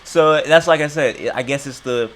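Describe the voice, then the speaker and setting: Male host, mid-pitched voice, earnest and rambling questions, faint room ambience behind. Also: normal speed, background noise. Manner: earnest, rambling, restarts his phrases. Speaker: interview host. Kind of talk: casual interview chat.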